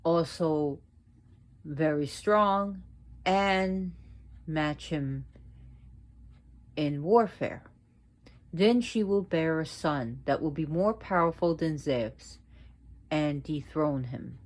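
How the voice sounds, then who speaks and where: A woman presenting a casual educational video at home, talking slowly and deliberately and repeating words for emphasis. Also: deep voice, a little mellow. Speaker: video presenter on mythology and witchcraft. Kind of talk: casual educational talk to viewers.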